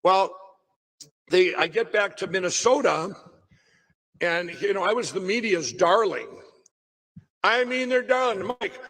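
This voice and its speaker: A middle-aged man with a fairly high voice tells a personal story to a crowd. He rambles, breaks off and restarts his sentences, and keeps circling back to the point. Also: animated, unhurried, pauses often, a bit bright, rough recording. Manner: rambling, self-interrupting storyteller. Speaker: guest speaker at a summit. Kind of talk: storytelling talk on stage.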